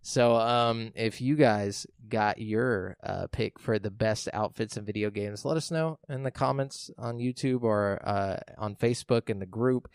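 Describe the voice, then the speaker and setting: A young man co-hosting a gaming podcast in casual chat, easygoing and hesitant, with plenty of "uh" pauses. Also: on the low side, clear, resonant tone, no echo, studio quality. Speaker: podcast co-host.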